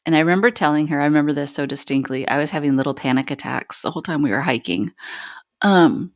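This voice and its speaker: A woman host candidly telling a personal story on a podcast, halting and pausing often. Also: sits low, no room sound, studio quality. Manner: candid, halting, many pauses.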